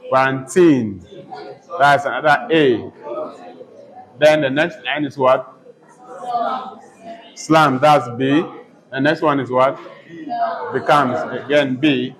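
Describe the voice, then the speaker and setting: Poor audio carries a man's medium, slightly bright voice as he dictates a slow poetry lesson. Every term gets repeated a few times, and he spells the words out one letter at a time.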